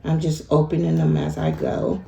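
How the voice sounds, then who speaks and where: A woman's voice: deep voice, very animated, normal speed, creaky, dark tone. A woman giving a chatty sewing tutorial to her viewers, laughing at herself as she works. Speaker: sewing instructor. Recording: echoey room with faint ambient noise.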